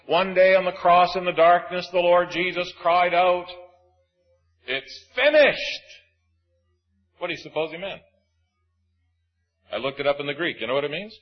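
A man preaching a sermon, emphatic and swinging between loud and hushed. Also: high-pitched, steady tone, a little fast, dull audio, faint music behind.

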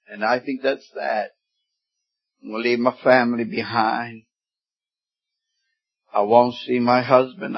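A man in his seventies preaching a sermon, slow and deliberate, rising suddenly into loud emphatic peaks. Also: medium pitch, breathy edge. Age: 70s. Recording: dull lo-fi sermon recording.

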